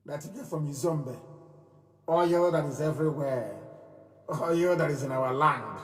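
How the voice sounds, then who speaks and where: A man giving an impassioned live speech, repeating phrases in a preaching cadence and moving from loud declarations to low murmurs. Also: lively intonation, moderate pace, pauses often, echoey room, long reverb tail, distant mic, soft background music. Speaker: movement leader giving a live broadcast.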